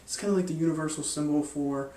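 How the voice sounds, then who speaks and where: A man's voice: fairly high pitch, steady tone, fast, mellow, echoey room, far from the mic, a little hiss or hum. A man explaining a mind-reading card technique in a loose, rambling way, with lots of fillers and restarts. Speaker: magic and hypnosis instructor. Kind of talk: casual instructional explanation.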